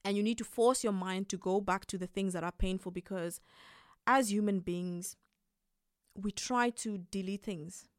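A woman hosting a casual advice monologue, animated and quick to laugh as she acts out little scenes. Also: mid-range voice, clear, resonant tone, no room sound, clean studio sound. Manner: animated, acts out quoted reactions, laughs often. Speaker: podcast host.

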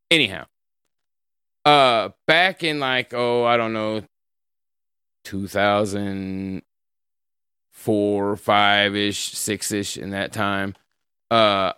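A rambling, profane man in casual podcast chat, his voice on the low side yet bright and forceful. The tone is smooth and crisp, recorded dry and close with no room sound. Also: no echo.

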